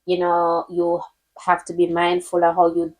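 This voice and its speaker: A woman's voice: fairly low pitch, completely flat delivery, moderate pace, low-quality recording. A woman guest on a podcast, speaking reflectively and often trailing off mid-sentence. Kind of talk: casual chat.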